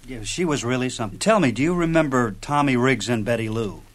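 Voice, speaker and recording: Brief: male host, brisk and conversational, prompting the guest. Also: mid-range voice, heavy background noise. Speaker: radio show host.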